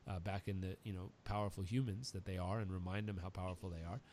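A man's voice: low-pitched, fast, slight background noise. A man hosting an interview podcast, telling stories with feeling and asking questions. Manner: emotional, animated storyteller. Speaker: podcast host. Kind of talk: casual interview chat.

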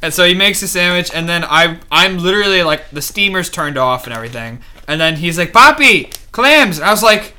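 A young man chatting casually on a podcast, telling animated work stories and jumping into high voices to quote people. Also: fast, few pauses, clean tone. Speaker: podcast co-host. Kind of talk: casual chat.

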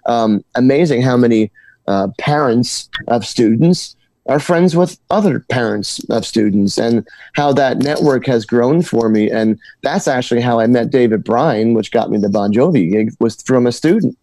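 Speaking at an ordinary pitch in a dry, close recording, this musician and guitar teacher tells casual interview stories the way a regular guy would. He trips over words, restarts and repeats, and laughs as he talks.

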